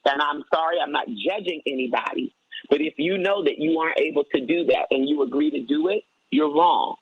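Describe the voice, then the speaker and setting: A man speaking as a guest on a radio talk show, arguing forcefully and repeating points for emphasis. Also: a little high, fairly quick, slightly rough, dry recording, phone-quality sound. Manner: forceful, emphatic, repetitive for effect. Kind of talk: opinionated talk radio commentary.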